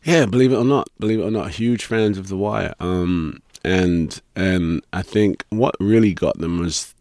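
A British man, an actor guest, chatting casually in an interview, chuckling often and filling pauses with um and you know. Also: low voice, no echo, clean studio sound. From Britain. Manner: relaxed, chuckling, many ums and you-knows.

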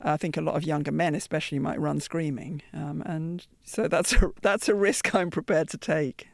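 A British woman in her fifties, a singer answering interview questions in a deep, thoughtful, soft-spoken way. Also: steady tone, normal speed, dry recording, studio quality. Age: 50s. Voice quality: deep, gravelly. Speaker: guest singer.

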